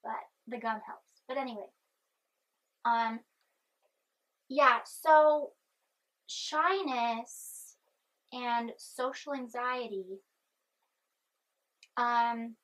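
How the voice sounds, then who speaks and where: A young woman vlogging in a soft-spoken, rambling way, chewing gum and anxious. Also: fairly high pitch, extremely slow, pauses often, poor audio. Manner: chatty, meandering, chewing gum. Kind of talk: rambling personal vlog.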